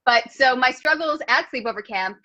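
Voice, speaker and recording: A woman hosting a casual video-call chat, telling self-mocking stories in an animated way. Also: high voice, normal speed. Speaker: host. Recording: dull lo-fi call audio.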